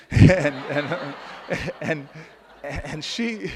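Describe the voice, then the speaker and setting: A man's voice: a little high, unhurried, big-room sound, a little hiss or hum. A man giving an earnest personal storytelling speech, often restarting and repeating words. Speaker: public speaker.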